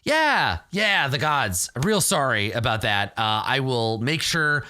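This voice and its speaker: A man's voice: mid-range voice, big pitch swings, slow pace, bright, forceful tone, no echo, clean studio sound, exaggerated voice. A man voicing his own cheeky male adventurer in a raised voice, full of nervous, flippant quips in a tabletop role-play. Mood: grumbling. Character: sarcastic, cowardly-cheeky young male adventurer.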